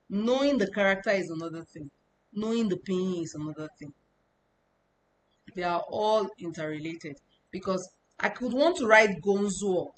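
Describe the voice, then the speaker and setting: A woman's voice: mid-range voice, slight background noise, low-quality recording. A woman teaching a language lesson, patiently explaining step by step and drilling syllables by repeating them in each tone.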